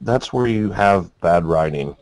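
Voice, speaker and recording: A man's voice: sits low, animated, measured pace, a little mellow, no room sound. A man co-hosting an uncensored podcast, rambling casually and laughing as he picks apart a movie. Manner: rambling, laughs often, mimics movie lines. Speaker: podcast co-host.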